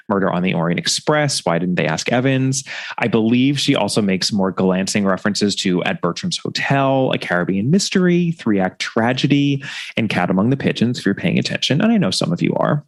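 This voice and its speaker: Man, podcast host, lowish voice, wordy scripted commentary, animated delivery, playful asides.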